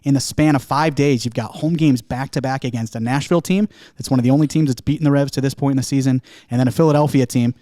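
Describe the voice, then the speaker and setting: A man's voice: medium pitch, steady tone, fast talker, few pauses, dark tone, no room sound, clean studio sound. A man hosting a podcast, rambling through a casual chat with fillers and self-deprecating asides. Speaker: podcast host.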